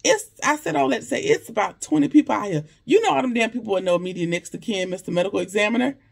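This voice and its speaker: A TV episode reviewer casually recapping a drama, animated and slangy, acting out characters' lines in asides. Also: medium pitch, fast talker, vocal fry, husky.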